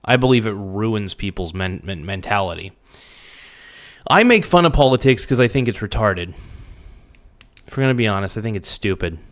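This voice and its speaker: A man's voice: fairly low pitch, lively intonation, moderate pace, pauses often, a bit bright. Blunt, profane young man ranting. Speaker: livestream host. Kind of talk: casual livestream rant.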